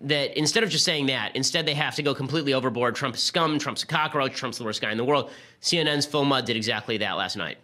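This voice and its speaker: Rapid-fire sarcastic male political host. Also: mid-range voice, sharp tone. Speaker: political talk show host. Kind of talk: political commentary monologue.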